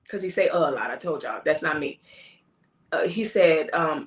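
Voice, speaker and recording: Woman host, casual live-stream chat, animated, mimics people as she talks, bright voice, echoey room. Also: medium pitch, a little fast.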